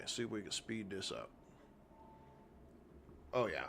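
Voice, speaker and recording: A man's voice: on the low side, big pitch swings, unhurried, creaky, long pauses, a bit bright, a little hiss or hum. A middle-aged man giving casual commentary while playing a video game, chatty and talking to himself as he goes. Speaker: gaming channel host.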